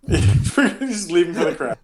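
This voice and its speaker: A man's voice: high voice, very animated, slow pace, crowd noise, poor audio. A man running a tabletop game over a video call, narrating in a casual way full of "like" fillers. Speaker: game master.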